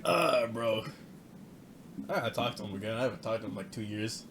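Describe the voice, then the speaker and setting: A man's voice: fairly low pitch, lively intonation, brisk, noisy background. A young man chatting casually on a podcast, telling loose rambling stories, swearing a lot and laughing often. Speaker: podcast host. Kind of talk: casual chat.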